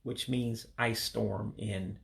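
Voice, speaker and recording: A man from Michigan, casually walking through a vocabulary lesson and repeating each word slowly, with frequent ums and uhs. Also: fairly low pitch, fairly even intonation, vocal fry, a bit bright. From Michigan, USA. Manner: repeats words slowly, hesitant with many fillers. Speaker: language learner teaching vocabulary.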